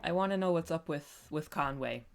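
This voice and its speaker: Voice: medium pitch, normal speed, gravelly, background noise. A streamer chatting casually while playing a game, rambling and self-deprecating, often trailing off and restarting sentences. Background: game music.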